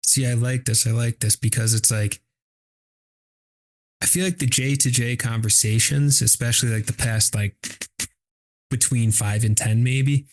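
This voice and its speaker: Podcast co-host, man, low gravelly voice, dry close sound, thoughtful loose delivery. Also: steady tone, a little slow, no room sound. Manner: thoughtful, loose, lots of "like" and "you know". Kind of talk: casual philosophical chat.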